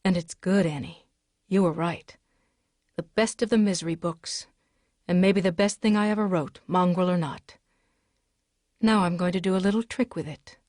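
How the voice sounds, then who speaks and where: A woman's voice: lowish voice, moderate pace, long pauses, a little mellow, dry recording, clean studio sound, close to an everyday voice. A woman voicing a bitter, taunting wounded writer. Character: defiant injured male writer, bitter.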